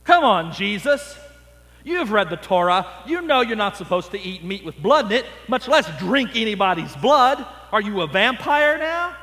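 A man's voice: sits high, big pitch swings, moderate pace, bright, forceful tone, long reverb tail, full character voice. A man voicing a skeptical crowd of listeners, exasperated and arguing back in disbelief. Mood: incredulous. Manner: incredulous, arguing back, mock-pleading.

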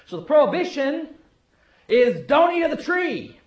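A male pastor preaching a sermon, telling the story with swings from loud to hushed. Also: extremely high pitch, very animated, a little slow, roomy sound.

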